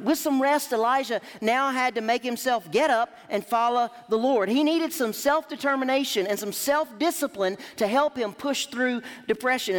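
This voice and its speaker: A woman preacher delivering a sermon emphatically, rising and dropping her voice to drive points home. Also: on the high side. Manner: emphatic, lively rises and drops. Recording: long hall reverb.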